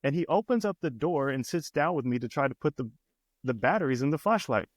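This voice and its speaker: Brisk and animated, a mid-range male voice belongs to a coach in his thirties co-hosting a podcast. He shares a family story casually, often starting over and voicing the characters, with studio-quality sound and no room tone.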